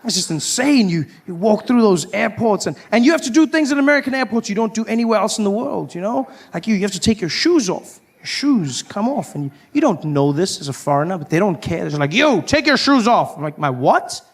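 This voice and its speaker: A man performing a stand-up comedy routine, animated, slipping into shouted high voices for the characters he acts out. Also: fast, creaky, hardly any pauses, breathy edge.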